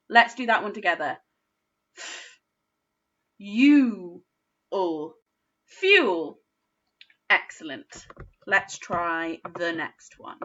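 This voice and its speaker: A woman teaching a recorded phonics lesson to young children, slowly sounding out each word in a patient, encouraging way. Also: mid-range voice, pushed and bright, lo-fi sound. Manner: slow, patient, sounding out words. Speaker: primary school teacher.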